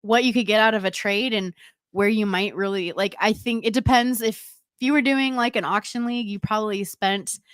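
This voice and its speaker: A woman's voice: mid-range voice, moderate pace, fairly bright tone, smooth, no room sound. A woman co-hosting a podcast, talking through fantasy football choices in a thoughtful, hedging, casual way. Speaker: podcast co-host. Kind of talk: casual sports chat.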